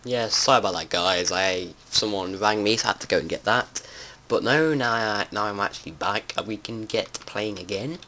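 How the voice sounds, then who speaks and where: A young-sounding man chats his way through a survival game at home, his voice sitting low. He swears freely and breaks into panicked shouts when startled, with faint outdoor noise and keyboard tapping behind him. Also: normal speed, hardly any pauses. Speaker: gameplay commentator. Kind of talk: casual let's-play commentary. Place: home room with window open. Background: faint outdoor noise and keyboard typing.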